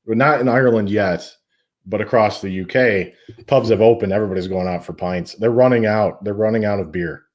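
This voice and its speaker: A man's voice: fairly low pitch, brisk. A man appearing as a guest on a casual podcast, speaking in an easygoing, friendly way over a remote call from home.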